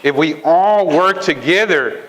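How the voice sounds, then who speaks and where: A man giving a motivational talk at a sales training event, telling a fable in a lively way and often checking in with the audience. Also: on the high side, measured pace, low-quality recording. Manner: lively storytelling, checks in with "right?" and "okay?".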